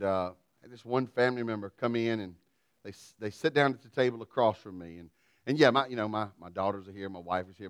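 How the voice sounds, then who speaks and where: A middle-aged pastor preaches through a folksy, self-deprecating personal story, his volume swinging between loud and quiet. His voice is on the low side with a clean tone, and there's no echo.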